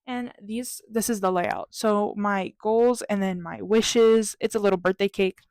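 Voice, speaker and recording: A woman's voice: medium pitch, fairly even intonation, unhurried, a little mellow, clear, resonant tone, no room sound. A young woman vlogger talking casually and upbeat through her journal pages, with a chatty, self-mocking manner.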